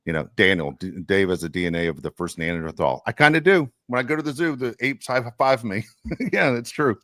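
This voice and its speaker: A man's voice: mid-range voice, lively intonation, fairly quick, a bit bright, dry recording, clean studio sound. An older man co-hosting a podcast, telling rambling, self-mocking jokes in casual chat. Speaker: podcast co-host.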